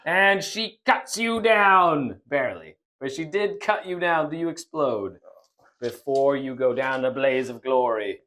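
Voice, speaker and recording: Male host for a tabletop battle report: a fairly high voice with lots of melodic movement, animated, laughing as he calls the turns. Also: unhurried. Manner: animated, laughs often, playful exclamations. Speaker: host and player.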